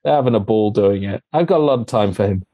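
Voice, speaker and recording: A man's voice: lowish voice, animated, quick pace, no room sound, lo-fi sound. A man co-hosting a casual chat about films and shows, chatty and laughing often. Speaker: podcast co-host.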